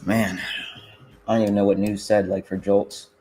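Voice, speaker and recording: Deep-voiced frustrated young man muttering. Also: little pitch movement, normal speed, mellow, a little hiss or hum. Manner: frustrated, swearing, muttering to himself. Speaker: livestreaming futures trader. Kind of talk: casual live-stream commentary.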